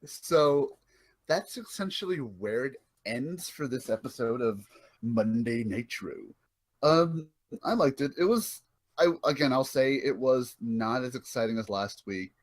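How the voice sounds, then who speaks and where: A man's voice: medium pitch, lively intonation, measured pace. Young man, podcast co-host, casual chat, joking, swearing. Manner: laughing, profane, playfully quoting wrestlers.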